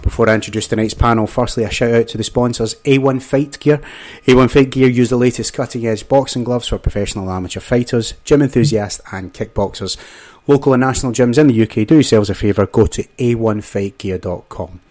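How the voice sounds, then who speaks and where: A man's voice: medium pitch, brisk, darkish tone. A man hosting a casual panel show, reading sponsor spots and calling his guests mate. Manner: chummy, calls guests mate and amigo. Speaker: podcast host.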